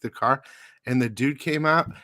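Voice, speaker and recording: A man of middle pitch, recorded close and dry with no room sound. He hosts a live comic book show. He tells his story loosely, swears freely, laughs often and keeps saying "dude". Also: moderate pace, pushed and bright, dry recording. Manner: profane, laughing, says "dude" a lot.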